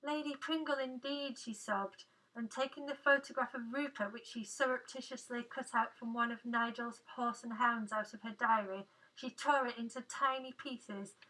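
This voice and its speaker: Brief: woman reader, expressive storybook narration, crisp high voice, recorded slightly distant. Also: moderate pace, few pauses. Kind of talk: reading a novel aloud. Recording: voice a little distant from the mic.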